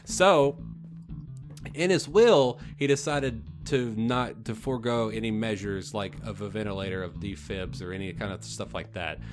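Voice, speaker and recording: A man's voice: fairly low pitch, normal speed. Rambling young man over game music. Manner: rambling, earnest, lots of restarts and fillers. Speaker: let's play host. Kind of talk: casual gameplay commentary. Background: background music.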